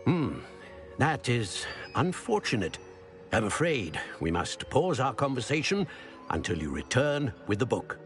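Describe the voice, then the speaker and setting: An actor voicing a grave male professor who is a seer, speaking in a measured, formal way in a video game. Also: medium pitch, sing-song. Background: game music.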